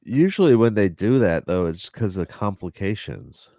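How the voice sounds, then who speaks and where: A man co-hosting a podcast in casual chat, mostly giving short, relaxed replies and adding details to the recap. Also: on the low side, moderate pace, dry recording, studio quality. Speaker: podcast co-host.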